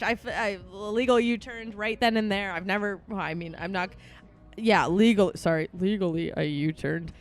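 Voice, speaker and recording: A woman in her twenties hosts a casual podcast in a medium-pitched voice at a normal speed. She tells an animated story full of swearing, acting out the quotes as she goes.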